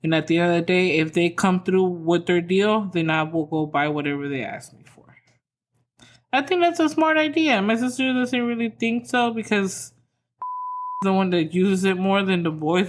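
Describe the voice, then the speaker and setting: Chatty woman telling family stories. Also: fairly low pitch. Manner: chatty, rambling, lots of "like", acts out quotes. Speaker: podcast host. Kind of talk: casual storytelling monologue.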